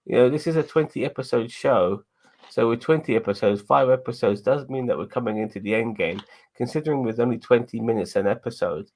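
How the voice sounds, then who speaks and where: A man's voice: mid-range voice, a little fast, darkish tone. A man hosting a casual review chat, rambling and swearing freely, with frequent restarts. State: tired and yawning. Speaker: podcast host.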